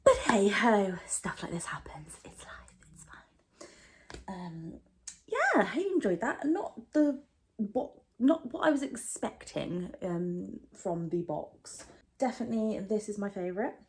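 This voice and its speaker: A woman's voice: medium pitch, very animated, a little slow, darkish tone. A young British woman chatting casually through a product unboxing, rambling with lots of fillers and asides. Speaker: beauty vlogger.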